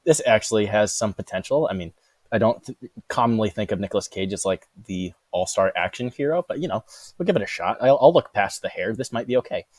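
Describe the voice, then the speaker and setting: A man co-hosting a casual podcast chat. He speaks in a halting, wry, understated way. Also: lowish voice, darkish tone, no echo.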